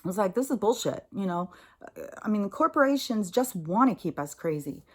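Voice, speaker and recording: A woman's voice: mid-range voice, sing-song, normal speed. Profane, fired-up American woman ranting. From United States. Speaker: spiritual vlogger. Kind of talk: casual spoken monologue.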